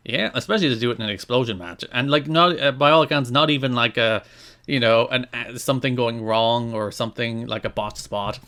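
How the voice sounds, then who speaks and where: An Irish man co-hosts a podcast, his voice sitting at an ordinary middle pitch. He reads through news notes in a casual way and drops dry asides between them. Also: brisk, bright, forceful tone. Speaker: podcast co-host.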